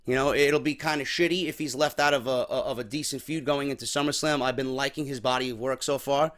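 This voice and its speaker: A man from New York giving a blunt, profane and animated casual recap of a wrestling show. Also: medium pitch, quick pace.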